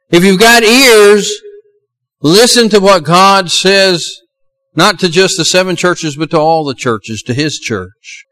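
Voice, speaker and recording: A man's voice: high-pitched, expressive, measured pace, pushed and bright, poor audio. A middle-aged man with a Southern US accent preaching a sermon as pastor, earnest and building to emphatic exhortations.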